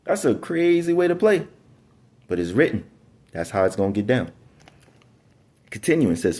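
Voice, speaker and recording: A man's voice: medium pitch, sing-song, normal speed, pauses often, a little mellow. A man giving a casual Bible teaching, reading scripture aloud in an emphatic way with slangy asides and frequent stumbles over words. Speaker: preacher.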